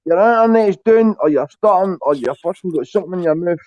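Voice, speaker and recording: A man's voice: high voice, lively intonation, quick pace, darkish tone, no room sound. A man arguing heatedly on an online call, swearing often and repeating "mate" and the same phrases. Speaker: guest on a livestream call. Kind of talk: heated casual argument. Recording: dry, dull lo-fi call audio.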